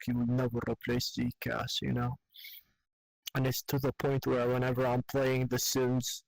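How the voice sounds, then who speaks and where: Flat-voiced young man telling a candid story. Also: medium pitch, no echo, low-quality recording. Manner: candid, profane, halting. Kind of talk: emotional personal storytelling. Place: online voice chat in a virtual world.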